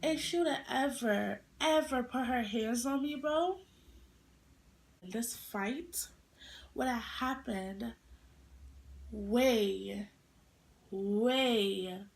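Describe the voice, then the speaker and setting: A woman's voice: on the high side, extremely slow, vocal fry, pauses often. Young woman telling a story on her vlog, lots of attitude, echoey room. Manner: animated, acting out quotes with attitude. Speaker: vlogger.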